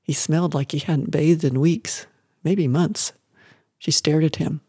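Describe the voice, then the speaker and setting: A reader narrates a story in a measured, expressive way at a middling pitch. The recording is dry and close, with no room sound. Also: slightly rough, dry recording. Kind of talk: scripted audiobook narration.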